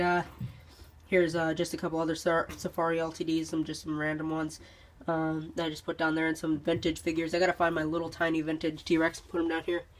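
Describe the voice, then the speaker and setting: A young channel host talks through a casual update vlog while sick and stuffed up. The delivery rambles and halts, with lots of ums and false starts, at a middle pitch, recorded on a phone camera. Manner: rambling, halting, full of ums and restarts. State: sick, congested.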